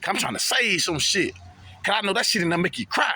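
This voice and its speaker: A man's voice: high voice, expressive, fairly quick, pushed and bright, husky, dry recording, studio quality. A young man, talking straight to camera about prison life in heavy street slang, repeating himself as he preaches. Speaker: vlogger giving prison testimony. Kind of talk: street talk monologue to camera.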